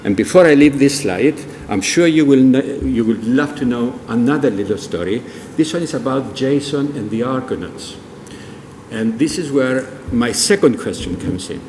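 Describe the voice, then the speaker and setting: This older man's medium-pitched, darkish voice is expressive and moves at normal speed as he tells stories and quizzes the audience during a public talk. The setting is a large museum hall, heard through long reverb, faint room ambience, and slight background noise.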